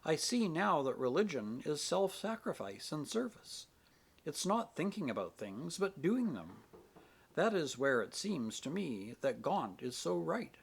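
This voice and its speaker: An earnest, devout young woman pleads softly but firmly, her voice husky and raised, moving through a lively melody. A man voices her in an audiobook reading. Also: fairly high pitch, measured pace, pitched above the performer's own voice, full character voice. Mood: earnest pleading.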